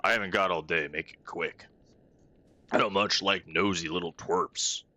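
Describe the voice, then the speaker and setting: A man's voice: low-pitched, steady tone, normal speed, bright, forceful tone, dry recording. A man reading as a scornful burly shopkeeper. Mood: gruff. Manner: curt, scornful line reading. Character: arrogant burly male weapon-shop owner, gruff and sexist. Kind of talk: reading game dialogue aloud.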